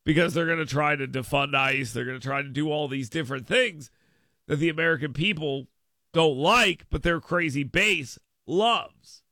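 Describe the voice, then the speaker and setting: A man hosting a political talk radio show in a studio, delivering an animated monologue and acting out mocking quotes in a raised voice. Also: fairly high pitch, normal speed, no room sound.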